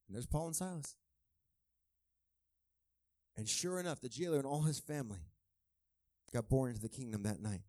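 A man preaching a sermon in a conversational, joking way, who swings from quiet asides to shouted, half-sung praise. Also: medium pitch, expressive, moderate pace, long pauses, no echo. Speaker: pastor.

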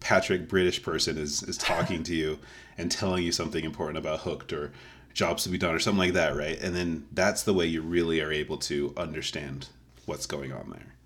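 A man with a very low, deep voice in relaxed podcast banter. He argues his side with playful insistence and laughs easily along the way. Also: a little fast. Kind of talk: casual chat.

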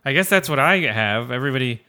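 A man's voice: mid-range voice, animated, fast, sharp tone, smooth. A man co-hosting a casual movie podcast, rambling and self-correcting with frequent laughs. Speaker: podcast co-host.

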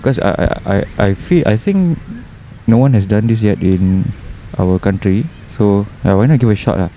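A man's voice: on the low side, normal speed, warm tone, a little hiss or hum. A man with a Singaporean English accent hosting a casual nursing podcast, talking in loose, rambling sentences full of restarts. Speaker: nurse podcast host. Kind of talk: casual chat. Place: outdoors in a public spot by the road. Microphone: headset mic.

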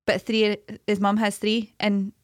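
A woman's voice: medium pitch, completely flat delivery, a little slow, dry recording, studio quality. A woman co-hosting a podcast, chatting in a blunt, matter-of-fact way. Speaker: podcast co-host. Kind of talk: casual chat.

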